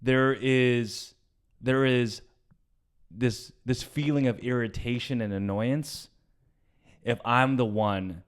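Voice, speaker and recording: A young adult man co-hosting a comedy podcast, telling a family story in casual chat, swearing often and trailing off softly. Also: mid-range voice, slow pace, clean tone. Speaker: podcast co-host.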